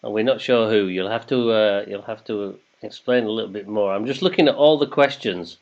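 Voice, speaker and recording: A man's voice: on the low side, fairly quick. A man hosting a casual quiz, chatty and jokey, reading questions in English and then in German. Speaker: quiz host. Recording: dull lo-fi sound.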